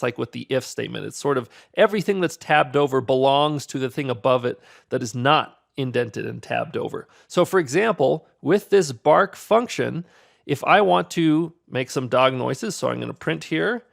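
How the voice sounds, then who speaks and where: A man's voice: fairly high pitch, vocal fry. A man teaching a coding lesson in an upbeat, conversational way. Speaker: programming instructor. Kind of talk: screen-recorded coding tutorial.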